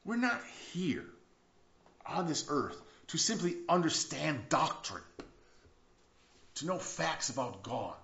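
A man preaching a sermon as pastor, telling a story emphatically and dropping to hushed tones. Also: a little high, big pitch swings, takes it slowly, vocal fry, pauses often. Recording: echoey room, dull lo-fi sound.

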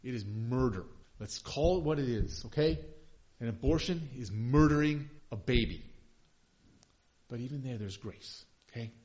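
A male pastor preaching a sermon, impassioned, swinging from hushed confession to loud emphasis. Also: mid-range voice, moderate pace. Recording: dull lo-fi recording.

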